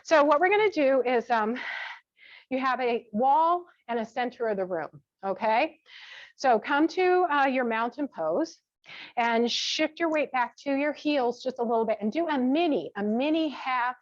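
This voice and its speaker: A woman teaching a gentle yoga class, cueing each step with relaxed, chatty asides. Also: on the high side, no room sound. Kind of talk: guided yoga class instruction. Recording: dull, dry lo-fi sound.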